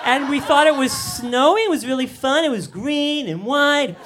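A man voicing his small, excited six-year-old daughter in a live story. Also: very high-pitched, moderate pace, noisy background, pitched above the performer's own voice.

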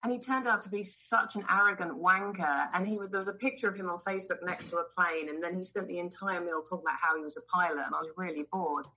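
A woman's voice: on the low side, quick pace, few pauses, husky, poor audio. A British woman in her forties, a guest on a podcast, telling stories with plenty of laughter and swearing. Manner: animated, laughing, profane storyteller. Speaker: actress guest. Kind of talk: casual podcast chat.

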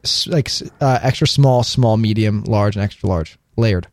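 A man hosting a casual talk show, telling stories in quick, animated banter. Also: fairly low pitch, no room sound, clean studio sound. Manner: fast, animated storytelling with laughs. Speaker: host. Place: studio.

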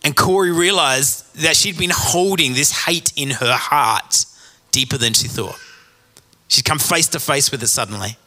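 A man's voice: fairly high pitch, measured pace, bright, forceful tone, soft background music. A man preaching a sermon as pastor, earnestly pleading with questions to his congregation. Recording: reverberant hall.

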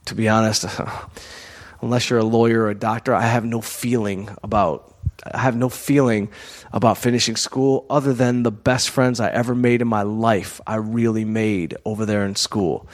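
A man's voice: lowish voice, fairly even intonation, moderate pace. A man hosting his own show, telling a personal story in a candid, conversational way, full of "you know" and "like.". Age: adult, college-educated comedian and performer. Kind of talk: casual storytelling monologue.

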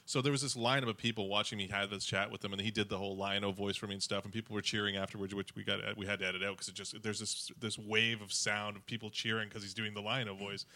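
A man hosting a podcast, chatting eagerly and excitedly with co-hosts and guests. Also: on the low side, fast, few pauses. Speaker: podcast host. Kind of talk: casual podcast chat.

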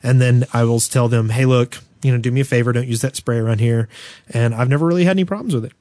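A man's voice: mid-range voice, quick pace, darkish tone, no echo. A man hosting a casual gaming podcast, telling stories in a rambling way with many restarts. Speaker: podcast host. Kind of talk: casual chat.

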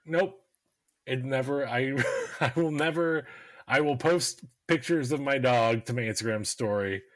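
A man with a middle-pitched voice hosts a podcast in a laid-back, joking way. He laughs often and swears casually. The recording is dry and close. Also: measured pace, no echo. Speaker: podcast host. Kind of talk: casual chat.

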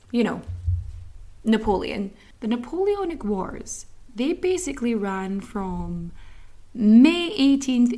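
Woman host, casual history talk, rambly, swears, fillers galore, highish voice. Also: a little mellow. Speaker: podcast host.

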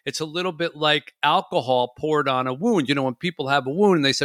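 A man's voice: on the high side, quick pace, few pauses, dry recording, clean studio sound. A man hosting a casual talk show, chatting and acting out his own inner voice. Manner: animated, acts out his inner voice. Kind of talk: casual chat.

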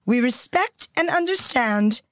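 A woman impersonating an elderly queen reading a formal royal statement in a measured, stately cadence. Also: high-pitched, expressive, no echo, clean studio sound.

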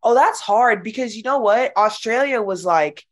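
A woman's voice: on the high side, normal speed. A young woman, a college basketball player, chatting casually as an interview guest with lots of "like". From United States. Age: young adult. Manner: chatty, lots of "like", animated retelling.

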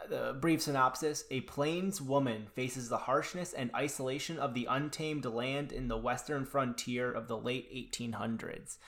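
A man's voice: mid-range voice, a bit bright. A man co-hosting a podcast, chatting casually and enthusiastically, often restarting his sentences. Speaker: podcast co-host. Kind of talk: casual podcast chat about horror movies.

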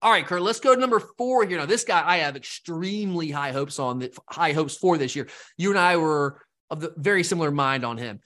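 A man co-hosts a casual sports podcast, rambling with animated enthusiasm. His voice sits a bit higher than most men's. He keeps the talk loose and conversational. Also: fairly quick, hardly any pauses. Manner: animated, rambling, mimics fans in quotes. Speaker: podcast co-host.

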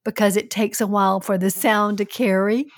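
A woman with a Southern US accent, co-hosting a podcast with her son, talking slowly in a relaxed, laid-back way. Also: medium pitch, no echo, studio quality. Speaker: podcast co-host, host's mother. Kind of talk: casual chat.

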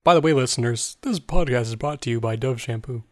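A man's voice: mid-range voice, a little fast, darkish tone. A man casually chatting on a podcast as co-host, with dry jokes.

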